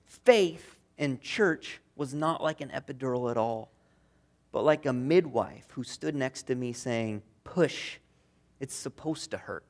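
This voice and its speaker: A man preaching a sermon as pastor, earnest, moving between strong emphasis and hushed tender passages. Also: mid-range voice, expressive, a little slow. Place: church.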